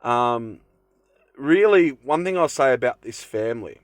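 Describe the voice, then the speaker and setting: A man's voice: mid-range voice, animated, measured pace, no echo, clean studio sound. A young man chatting casually to camera from his van, rambling with lots of fillers and restarts. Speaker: vlogger. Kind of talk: casual vlog talk to camera. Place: inside his camper van.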